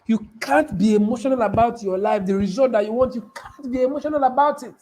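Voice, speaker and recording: A man coaching his viewers on business in a high-pitched voice. He hammers points home by repeating phrases and throwing questions at the audience. His delivery is emphatic and conversational. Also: quick pace, darkish tone, poor audio. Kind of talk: live-streamed motivational talk.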